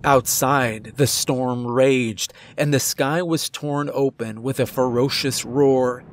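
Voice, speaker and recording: Slow, suspenseful male horror narrator. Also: medium pitch, steady tone. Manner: measured, suspenseful.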